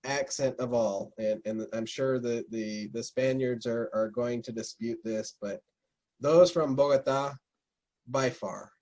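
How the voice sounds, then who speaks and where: A man telling lively anecdotes in a casual interview, slipping into imitations of the people he met. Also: medium pitch, unhurried. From North America. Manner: animated anecdotes, mimics Spanish speakers. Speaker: interview guest. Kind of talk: storytelling in casual conversation.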